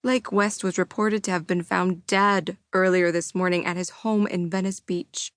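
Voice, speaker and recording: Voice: medium pitch, flat delivery, moderate pace, a bit bright, clean tone, no echo, studio quality, close to an everyday voice. A woman narrator voicing a morning radio co-host reading news. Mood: somber.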